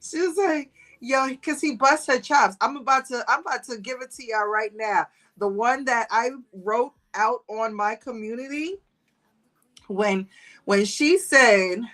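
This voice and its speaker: On a livestream, a chatty woman gossips casually with her viewers, telling stories with animation, laughing often and doing the quotes in a higher voice. She speaks a little slowly, and the recording is rough.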